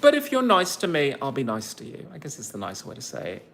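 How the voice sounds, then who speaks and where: Sarcastic guy w an english accent chatting to his viewers, voice jumps around a lot, mid pitch. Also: wildly swooping pitch, quick pace, vocal fry, fairly bright tone, slight background noise. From United States. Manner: chatty and sarcastic, with teasing asides. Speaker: streamer talking to his viewers. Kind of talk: casual chat, replying to viewers.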